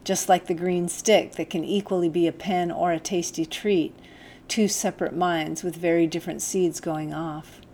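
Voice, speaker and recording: A woman narrating a first-person novel as an audiobook, in a calm, measured, gentle reading voice. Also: lowish voice, slight background noise.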